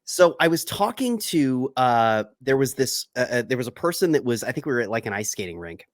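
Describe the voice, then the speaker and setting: Jokey male host with swooping pitch. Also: sing-song, a little fast, no room sound, clean studio sound. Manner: chatty, jokey storyteller. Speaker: podcast host and interviewer. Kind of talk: casual interview chat.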